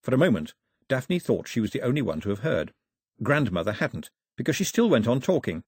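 A man narrating an audiobook in an expressive, wry storytelling manner. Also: medium pitch, brisk, breathy edge, no room sound, clean studio sound. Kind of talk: scripted narration.

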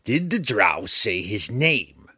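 Man doing a grim, slow bounty hunter. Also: fairly low pitch, lively intonation, bright, forceful tone, heavily acted. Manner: slow, grim, clipped delivery.

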